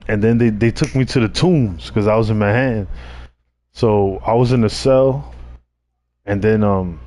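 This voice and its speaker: A man's voice: on the low side, normal speed, a little mellow, no echo. A young man telling street stories in a casual, laid-back way, with lots of slang and swearing. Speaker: streamer. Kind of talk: casual storytelling.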